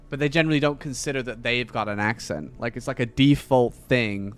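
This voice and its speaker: A man's voice: medium pitch, a little fast, hardly any pauses. A man chatting casually while playing a video game, rambling with many fillers and restarts. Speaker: game streamer. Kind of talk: casual chat while gaming.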